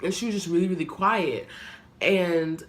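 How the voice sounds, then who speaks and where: A young woman vlogger speaking earnestly to her camera, telling a personal story in a halting, reflective way. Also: fairly low pitch. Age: young adult.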